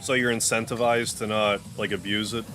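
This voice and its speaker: A man hosting a gaming livestream, chatting loosely while playing and cooing softly at his cat. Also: on the low side, flat delivery, brisk. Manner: rambling, loose, full of "like"; softens to a coo when talking to his cat. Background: game music.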